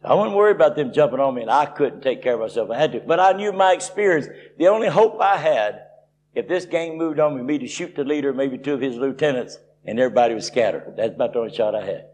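A man's voice: medium pitch, fast talker. Folksy preacher man. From Tennessee. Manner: folksy storytelling, rising with excitement. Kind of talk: sermon testimony.

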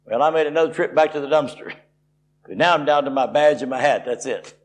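A man's voice: on the high side, brisk. A man from Tennessee, preaching and telling a personal story in a folksy, rising way. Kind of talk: sermon testimony.

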